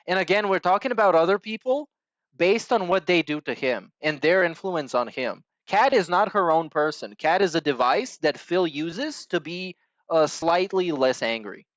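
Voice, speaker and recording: A man's voice: fairly high pitch, expressive, moderate pace, fairly bright tone, no room sound, highs cut off. A man hosting a podcast, giving crude, sarcastic reaction commentary on stream clips.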